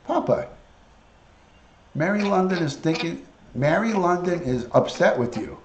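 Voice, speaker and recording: A man's voice: fairly high pitch, lively intonation, moderate pace, roomy sound, slight background noise. A man hosting a casual live stream, chatting with viewers and coaxing his parrot to talk.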